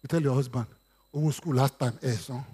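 A man's voice: mid-range voice, fairly quick, slightly rough. A man with a Nigerian accent preaching a sermon, slipping into Yoruba and acting out quotes. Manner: lively preaching with Yoruba asides and acted quotes. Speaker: pastor.

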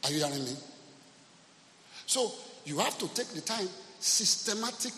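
A man's voice: high voice, lively intonation, moderate pace, pushed and bright, a little hiss or hum. A man preaching a sermon as pastor, emphatic and often asking the congregation if they are listening. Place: church service. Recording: echoey hall, faint ambience.

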